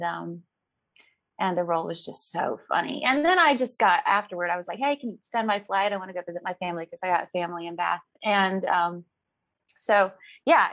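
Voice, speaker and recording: Brief: woman guest, chatty and animated, quick laughs, dry close sound. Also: lowish voice, no room sound. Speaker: actress guest. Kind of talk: casual interview chat.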